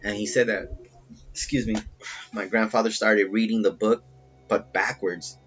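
Casting: husky, lowish male storyteller, swears a lot, rambles, dull lo-fi sound with faint music behind. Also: moderate pace. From Salvadoran family. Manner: profane, rambling, animated when telling the story. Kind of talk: casual storytelling.

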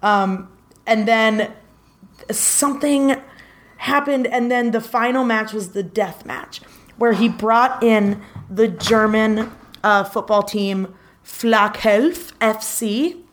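A woman's voice: a little high, takes it slowly, slight background noise. Chatty woman rambling through a story. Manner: rambling, lots of filler words. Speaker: podcast co-host. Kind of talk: casual storytelling chat.

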